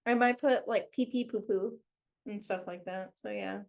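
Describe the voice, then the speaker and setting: A woman co-hosting a podcast in casual chat, gushing and excitable, often breaking into laughter. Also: mid-range voice, moderate pace, creaky. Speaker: podcast co-host.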